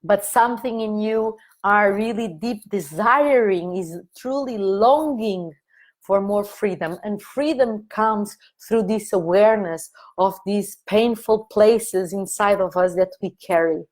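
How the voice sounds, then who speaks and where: A woman guiding listeners through an inner-child exercise in a live online talk, speaking gently and repeating her soothing instructions. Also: mid-range voice, unhurried. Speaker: consciousness coach leading an online meeting. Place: online meeting.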